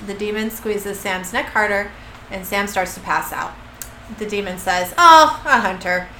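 A woman's voice: mid-range voice, level tone, moderate pace, bright, forceful tone. A woman co-hosting a podcast who reads out an episode recap in casual chat, with many fillers and asides. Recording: echoey room with faint hiss.

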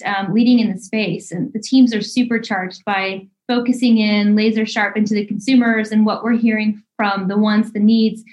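A woman's voice: mid-range voice, a little mellow, rough recording. A woman guest on a video call explaining design work in polished corporate language. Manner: corporate, buzzword-heavy.

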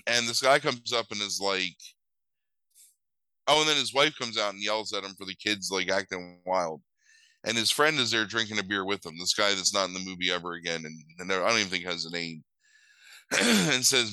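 This man is sick with a cold, and he talks through a film plot in loose, profane podcast chat, stopping often to fix his own story. His voice sits low but sounds bright and crisp. The mic is close and dry. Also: moderate pace, dry recording, low-quality recording. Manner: rambling, crude, self-correcting retelling. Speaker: podcast co-host recapping a film.

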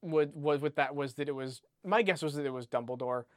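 Slightly high, dry-sounding man rambling casually. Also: a little fast, no room sound. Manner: rambling, self-interrupting, swears casually. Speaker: podcast co-host. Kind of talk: casual book discussion.

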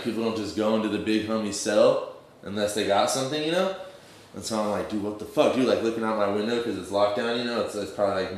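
A young man telling a rambling, profane story in slang, full of fillers. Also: fairly low pitch. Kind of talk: casual storytelling. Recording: very echoey room.

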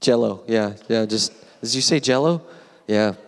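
A man's voice: mid-range voice, normal speed. 40s guy preaching at a church, emotional and fired up, big long hall echo. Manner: emotional, animated preaching with asides to the congregation. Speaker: guest preacher. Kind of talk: sermon. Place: church sanctuary.

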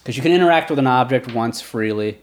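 A man's voice: mid-range voice, fast talker. Easygoing male game master. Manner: easygoing, explains rules patiently. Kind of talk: narrating a tabletop game.

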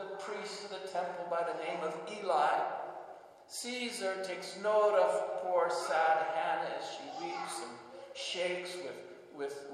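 A man preaching a sermon, telling a story in an animated way, moving between soft, quiet passages and loud ones. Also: sits high, slight background noise. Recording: echoey hall with long reverb.

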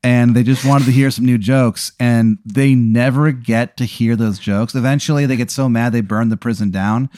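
A man's voice: mid-range voice, fairly even intonation, normal speed, hardly any pauses, mellow, no room sound, studio quality. A man hosting a podcast, improvising a comic story in a rambling, profane way, full of fillers. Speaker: podcast host.

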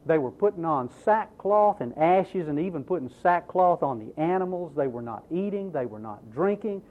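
Male preacher, sermon, highish voice with swooping emphasis, tinny narrow recording. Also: normal speed. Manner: animated, emphatic preaching with rhetorical questions. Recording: tinny, phone-like narrow sound.

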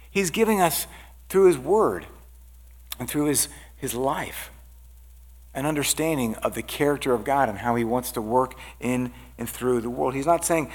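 A man's voice: on the high side, moderate pace. Earnest man preaching a sermon. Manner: earnest preaching, lively rises on quoted scripture. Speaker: pastor.

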